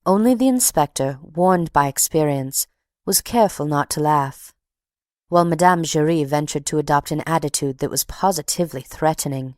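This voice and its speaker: A woman narrating an audiobook in a measured, steady reading. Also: sits low, no room sound, studio quality.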